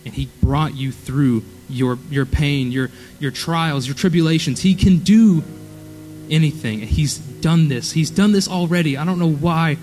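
A man's voice: on the high side, measured pace, darkish tone, faint music behind, rough recording. A young man preaching at a church youth service, earnest and conversational, often checking in with "okay?". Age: young adult. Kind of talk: sermon.

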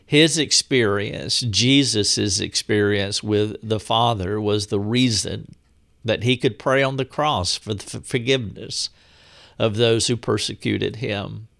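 A man preaching a sermon in a slow, measured way, pausing for emphasis. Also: on the low side, vocal fry, a bit bright.

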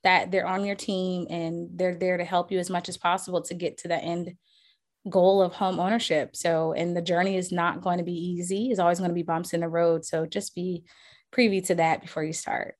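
A woman's voice: fairly low pitch, level tone, moderate pace. A woman, a realtor guest in a casual podcast interview, telling stories animatedly, acting out quotes and laughing often.

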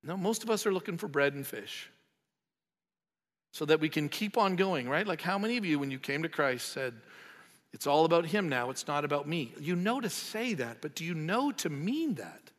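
A man preaching a sermon with passion. He swells loud on emphatic lines, then drops low and quiet. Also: animated, moderate pace. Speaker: pastor. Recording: long hall reverb.

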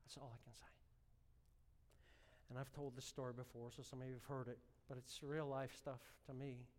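A man preaching a sermon, telling a personal story with strong emotion and building to fervent, loud exhortation. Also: medium pitch, little pitch movement, fairly quick, in a large hall. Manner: emotional storytelling, rising to impassioned shouting.

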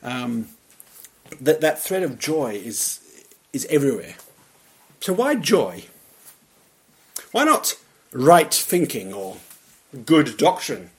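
A man preaching a sermon in a church, earnest and emphatic, often dropping to a quiet voice at the ends of phrases. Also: on the high side, big pitch swings, slow, pauses often. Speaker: pastor.

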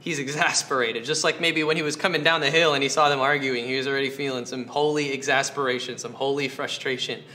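Bright-voiced man preaching a sermon. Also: mid-range voice, fairly even intonation, fast talker, hardly any pauses, slight background noise. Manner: earnest, rhetorical questions, repeats phrases. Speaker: pastor.

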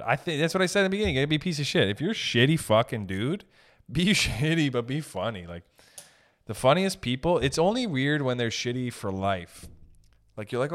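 A man's voice: medium pitch, expressive, fairly quick, a bit bright. A young man hosting a podcast, ranting casually with profanity and jokey asides. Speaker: podcast host. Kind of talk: casual comedic podcast rant.

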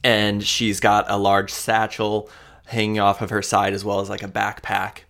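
A man narrating as game master for a tabletop role-playing game, relaxed and casual with frequent hesitations. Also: fairly low pitch, normal speed, gravelly.

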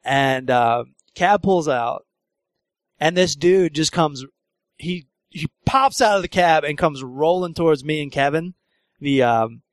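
A comedian hosting a podcast, telling road stories in casual chat, acting out voices, laughing often and swearing freely. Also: male voice, on the high side, unhurried, dry recording. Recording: dry close mic.

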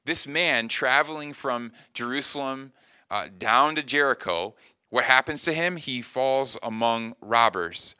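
Earnest preacher man, bright and dry. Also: medium pitch, unhurried, clear, resonant tone, dry recording. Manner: earnest, conversational preaching with frequent "right?" asides. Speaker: pastor. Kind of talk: sermon.

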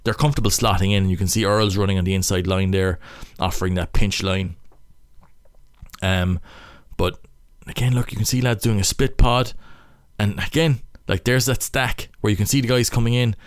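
Irish man, young, low smooth voice, stop-start casual rugby analysis. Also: fairly even intonation, normal speed, no room sound, studio quality. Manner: stop-start, thinking aloud. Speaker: rugby player analysing match footage. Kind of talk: casual match breakdown commentary.

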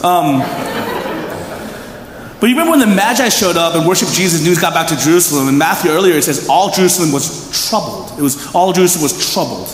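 A man's voice: a little high, fairly quick. A man from Philadelphia preaching a casual, conversational sermon and often asking the audience questions. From Philadelphia, USA. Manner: animated, chatty, asks the audience questions. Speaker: pastor. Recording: echoey hall reverb, faint room noise.

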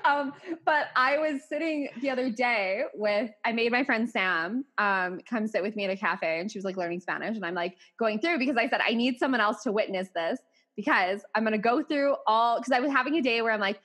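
A woman's voice: fairly high pitch, fairly quick, a bit bright. A woman with a Canadian accent hosting a podcast, chatting casually, laughing often and acting out quotes. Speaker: podcast host.

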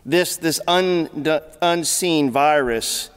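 Male pastor, high voice, earnest storytelling sermon with long hall reverb. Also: extremely slow, smooth. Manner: earnest storyteller, repeats words as he goes.

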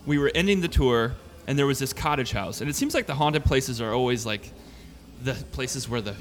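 Fast-talking rambling male comedian. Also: medium pitch, faint music behind. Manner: rambling, acts out quotes of people. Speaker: guest comedian. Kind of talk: casual podcast storytelling.

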